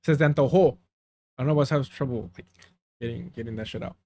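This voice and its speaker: A man at middle pitch hosts a live stream in casual, rambling chat. He tells long stories to his viewers, slips into Spanish phrases, and keeps losing his word mid-sentence. He grew up in the US–Mexico border region. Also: quick pace, warm tone.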